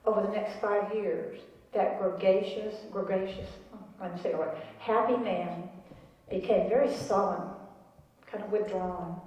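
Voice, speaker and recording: A middle-aged woman giving an animated storytelling talk to a live audience, prompting them to repeat after her. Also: medium pitch, normal speed, dull audio. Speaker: speaker on caregiving. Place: large room with an audience. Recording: echoey hall recorded from far off.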